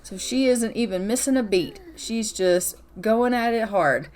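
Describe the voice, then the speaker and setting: A woman's voice: a little high, a little slow, darkish tone. A woman host narrating her life-simulation gameplay in a chatty, playful, casual way, laughing now and then. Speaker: gaming channel host. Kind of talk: casual let's-play narration.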